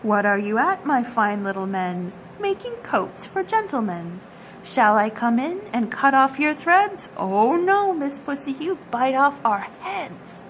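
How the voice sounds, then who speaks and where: A woman's voice: high voice, big pitch swings, measured pace, a little hiss or hum, poor audio. A woman voicing a chorus of cheeky little mice who sing and chant rhymes in a storybook. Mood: gleeful. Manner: sing-song, gleeful.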